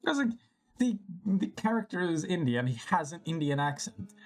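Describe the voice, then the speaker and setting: A woman's voice: lowish voice, big pitch swings, moderate pace, darkish tone, faint music behind. A woman hosting a livestream, chatting casually in a blunt, teasing way with frequent swearing. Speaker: livestream host. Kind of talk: casual chat.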